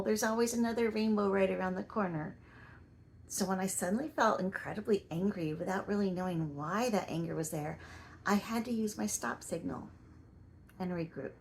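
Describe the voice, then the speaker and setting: A woman giving reflective personal narration in a soft, measured way, at times dropping to a whisper. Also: mid-range voice, slight background noise. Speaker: vlogger.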